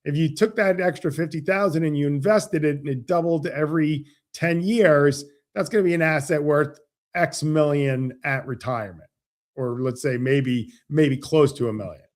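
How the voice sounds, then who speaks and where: A man, a financial advisor guest on an interview show, explaining with animated stories and acted-out dialogue. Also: a little high, moderate pace. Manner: animated, acts out quoted dialogue. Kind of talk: casual interview storytelling.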